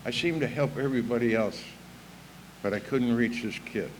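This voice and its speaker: A man's voice: mid-range voice, moderate pace, a little hiss or hum, rough recording. An older man speaking at an evening recovery meeting, telling his own story in a folksy, earthy way. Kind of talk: personal recovery talk, storytelling. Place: evening recovery meeting hall, live audience.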